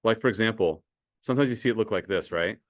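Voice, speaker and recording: A man's voice: fairly low pitch, fast, dry recording, clean studio sound. A man teaching a math class in a conversational way, asking students questions and often repeating words. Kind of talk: classroom lecture.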